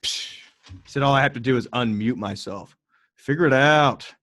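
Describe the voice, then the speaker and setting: A man runs a casual podcast in an easygoing way. His pitch sits in the middle range. His jokes come out dry and deadpan. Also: normal speed. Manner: laid-back, deadpan joking. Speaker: podcast host.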